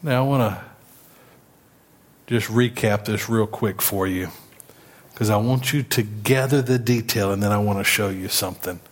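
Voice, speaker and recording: A man preaching a sermon as pastor, emphatic, leading the congregation in call-and-response. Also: on the low side.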